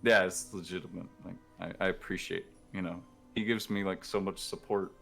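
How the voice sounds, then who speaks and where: A man's voice: sits low, steady tone, moderate pace, vocal fry, bright, forceful tone, faint music behind. A man playing in a tabletop game, chatting casually, joking and swearing. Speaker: player.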